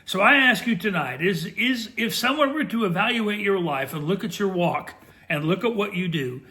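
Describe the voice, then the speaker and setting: A man preaching on a Christian talk show, earnest and emphatic. His voice is bright and forceful, sitting a little high for a man. He leans on key words and slows down to drive each point home. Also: expressive. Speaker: Christian TV co-host.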